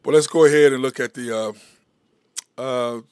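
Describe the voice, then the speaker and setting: A man's voice: mid-range voice, normal speed, a little mellow, clear, resonant tone, dry recording, studio quality. A sports talk host, rambling and venting his frustration in a solo commentary.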